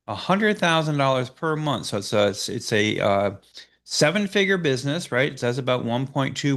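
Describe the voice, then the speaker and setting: Man, business coach, slide presentation, animated pitch, frequent uh fillers and restarts.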